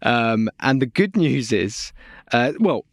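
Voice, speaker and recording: A man's voice: medium pitch, lively intonation, slow, dry recording. Male podcast host, casual and giggly, hesitant phrasing, dry studio sound. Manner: chatty, laughs often, hesitant with ums. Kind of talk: casual chat.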